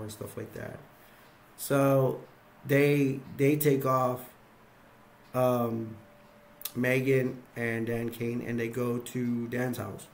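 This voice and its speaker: A man's voice: mid-range voice, flat delivery, drawn-out words, long pauses, slight background noise. A man casually retelling movie scenes in a rambling way, acting out the characters' lines. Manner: rambling, acts out lines, lots of fillers. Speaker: video reviewer.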